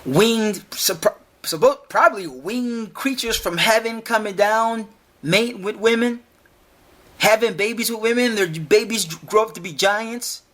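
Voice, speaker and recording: A man's voice: high-pitched, unhurried, a bit bright. Man hammering home rhetorical questions. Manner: repetitive, challenging with rhetorical questions; emphatic, stumbles with repeated words. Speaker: podcast host. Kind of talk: argumentative solo podcast monologue.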